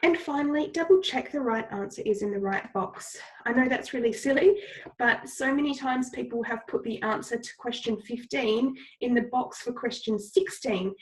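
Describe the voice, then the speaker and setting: Teacher with a cold, slightly high voice. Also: female voice, rough recording. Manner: patient, instructive, repeats key steps. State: has a cold, coughing. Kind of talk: recorded lesson instructions.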